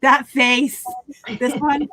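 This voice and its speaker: A woman's voice: high-pitched, flat delivery, takes it slowly, bright, forceful tone, no room sound, poor audio. A woman hosting a casual live-stream chat about reselling, rambling through asides and laughing often over a video call.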